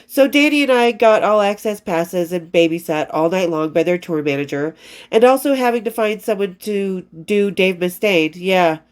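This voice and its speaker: A woman's voice: medium pitch, lively intonation, normal speed, clear, resonant tone. A woman in her fifties reading from her old diary and telling rock stories in a rambling, profane way, often losing her place and starting over. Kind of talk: casual storytelling, reading diary entries.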